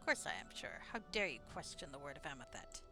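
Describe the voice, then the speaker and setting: Lady doing a pompous wizard king w/ a fake southern drawl, bossy, lively up and down pitch. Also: fast talker, over music. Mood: imperious. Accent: put-on southern drawl. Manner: grandiose, commanding. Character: pompous male sorcerer ruler, imperious, quick to anger.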